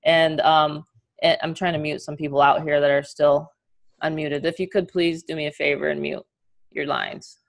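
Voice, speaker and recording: A middle-aged woman with a New York accent who runs a live webinar from a video call. Her voice sits a little low, and she talks with plenty of energy, chatting freely and laughing as she walks her listeners through a training. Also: little pitch movement, moderate pace, gravelly. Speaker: online business coach.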